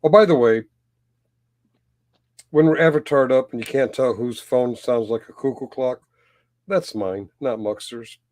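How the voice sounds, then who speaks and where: A man hosting a casual chat show, halting and filling gaps with ums. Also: medium pitch, darkish tone, no echo. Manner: halting, many ums and uhs. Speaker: host. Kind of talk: casual banter.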